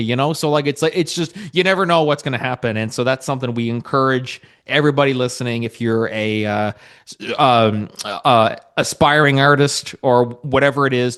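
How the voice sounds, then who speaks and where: A man's voice: medium pitch, fairly bright tone. A man hosting a casual podcast, talking in loose, rambling sentences full of fillers and jokes. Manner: rambling, many fillers and restarts, jokey. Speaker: podcast host.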